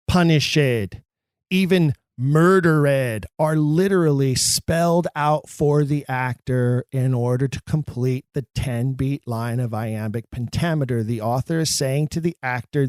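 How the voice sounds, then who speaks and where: Emphatic podcast host guy, fairly high voice, dry close sound, jokes at his own expense. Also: a little slow, darkish tone, clear, resonant tone, no room sound. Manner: emphatic, with wry self-mocking asides. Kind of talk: explanatory talk on Shakespeare for actors.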